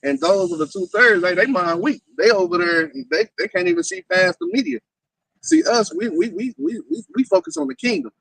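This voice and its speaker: A man in casual group talk who quotes scripture, speaking emphatically and slowing down for the verses. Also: high-pitched, big pitch swings, creaky, fairly bright tone, no room sound, far from the mic, rough recording. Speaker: participant in a group discussion.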